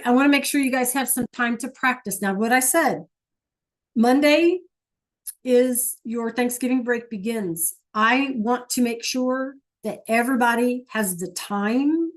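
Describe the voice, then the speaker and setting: A woman with a fairly high voice leads an online Spanish lesson through a computer mic, gently prompting students with a steady string of questions.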